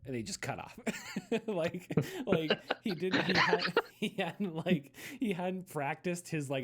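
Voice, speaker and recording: A man's voice: fairly high pitch, animated, unhurried. A man co-hosting a casual chat podcast, telling rambling stories with frequent chuckles and restarts. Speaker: podcast co-host.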